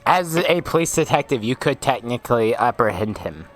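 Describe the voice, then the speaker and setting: A man's voice: mid-range voice, lively intonation, normal speed, fairly bright tone, soft background music, low-quality recording. A young man narrating a tabletop game as game master, casual and teasing, often stumbling over words.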